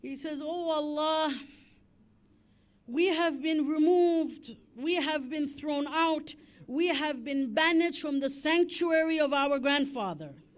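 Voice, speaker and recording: A man preaching a Muharram sermon and elegy, impassioned and building to a wailing lament, with chanted Arabic recitation. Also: very high voice.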